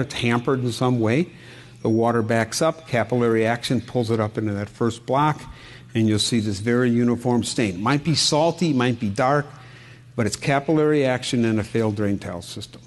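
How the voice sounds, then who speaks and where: A man's voice: mid-range voice, moderate pace. A middle-aged man, a home inspector giving a casual seminar talk, folksy and telling stories while quizzing his audience. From Wisconsin. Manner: folksy, asks the audience questions, tells anecdotes.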